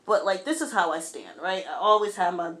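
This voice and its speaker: A young adult woman with a fairly low voice speaks a little quickly as she shares a personal story. She's casual, candid and animated, acting out what other people said.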